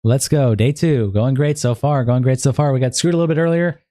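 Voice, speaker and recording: A man's voice: mid-range voice, brisk, warm tone, no echo. A young man livestreaming, reading a long document aloud in a casual, profane, sleepy way with bursts of hype. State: sleepy, yawning. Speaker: streamer.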